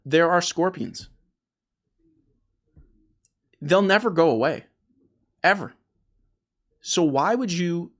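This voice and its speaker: A man hosting an opinionated gaming discussion, emphatic and animated, often repeating words as he starts a point. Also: a little high. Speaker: host.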